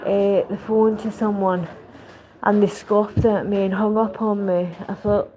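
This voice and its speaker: On a walking live stream through streets and shops, a Scottish woman chats in a meandering, rambling manner, trailing off partway through sentences. Her voice is medium-pitched, level, mellow, and a little slow, in a low-quality recording with street noise and passing traffic.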